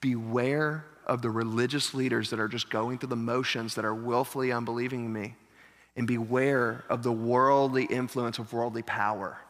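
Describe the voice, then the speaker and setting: Jesus, as a pastor puts him on, urgent. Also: male voice, very high voice, normal speed, pushed and bright, pitched above the performer's own voice. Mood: earnest. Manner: pleading, rising questions. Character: Jesus, a grown man teaching with pointed urgency. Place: church. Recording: reverberant church hall.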